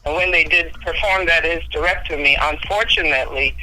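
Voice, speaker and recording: Earnest woman in her fifties, bright voice. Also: low voice, low-quality recording. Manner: earnest, unhurried storytelling. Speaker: guest. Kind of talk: telling a personal life story.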